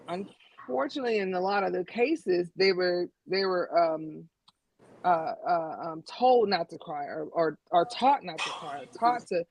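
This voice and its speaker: A woman's voice: medium pitch, poor audio. A woman on a talk show panel who is chatty and affirming, often restarting her sentences. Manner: chatty, affirming, stumbles over her words.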